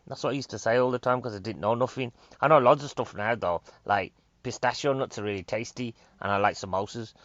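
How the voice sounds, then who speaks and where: A male comedian with a Northern English accent, talking in a chatty, excitable ramble that keeps drifting to new subjects. His voice sits at an ordinary pitch. The recording is dry and a little dull. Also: fast talker, dry recording. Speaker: stand-up comedian. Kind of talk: rambling stand-up monologue. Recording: dry, slightly dull sound.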